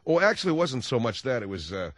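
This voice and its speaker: A man's voice: medium pitch, sing-song, fast, no echo. A man hosting a talk radio show, rambling and joking in casual chat. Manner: rambling, jokey.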